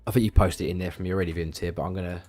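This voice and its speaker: Male streamer, lowish voice, rambling and stammery, casual swearing. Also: fairly even intonation, very fast, darkish tone, faint music behind. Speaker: live streamer. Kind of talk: casual live-stream chat.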